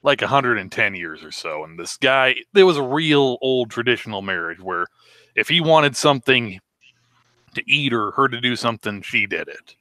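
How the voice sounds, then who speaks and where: A man chatting casually on a live viewer show, telling a rambling deadpan joke story. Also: medium pitch, moderate pace, dry recording, clean studio sound. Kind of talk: casual joking chat.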